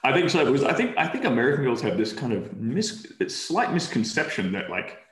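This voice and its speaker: Australian guy as a podcast guest, frank and loose, average pitch, echoey room. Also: sing-song, brisk, fairly bright tone. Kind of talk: casual interview chat. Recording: roomy echo.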